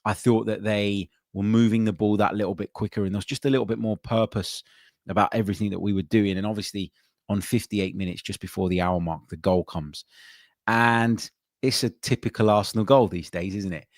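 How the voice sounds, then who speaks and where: Man, deep low voice, podcast host, casual live-stream chat, lots of ums and uhs, dry close sound. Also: steady tone, brisk, dry recording. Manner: chatty, thinks aloud with many ums and uhs, reads out viewer comments.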